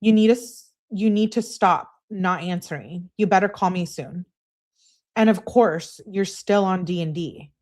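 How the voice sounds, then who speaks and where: Streaming live about true crime, a woman delivers text messages with heated emphasis before switching to dry, quieter remarks and replies to her chat. She speaks a little slowly in a slightly mellow voice.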